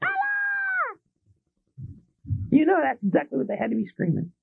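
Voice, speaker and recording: A Texan man hosts a public access show in a rambling, profane rant. His voice is very high and lively with heavy gravel. The sound is dry and thin, like a phone line. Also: racing, no echo. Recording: tinny lo-fi public access audio.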